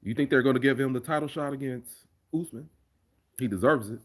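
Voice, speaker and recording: A man's voice: medium pitch, a little fast. Rambling casual man on a live stream. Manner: rambling, conversational, restarts often. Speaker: live stream host making fight remixes. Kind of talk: casual live chat reading viewer comments.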